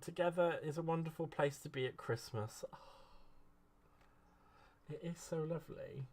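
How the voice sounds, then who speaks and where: A man's voice: mid-range voice, measured pace. A man chatting casually as a craft vlogger, gushing over card-making supplies. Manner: gushing, effusive. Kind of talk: casual craft unboxing chat.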